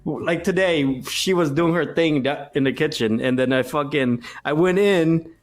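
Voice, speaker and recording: A man's voice: fairly high pitch, unhurried. Laughing, cursing casual podcast guy. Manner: profane, laughing storyteller. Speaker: podcast co-host. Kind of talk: casual chat.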